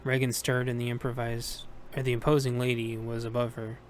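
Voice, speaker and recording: Male audiobook narrator, even monotone reading, light hiss in the recording. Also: mid-range voice, brisk. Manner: steady, plain reading with small self-corrections. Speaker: audiobook reader.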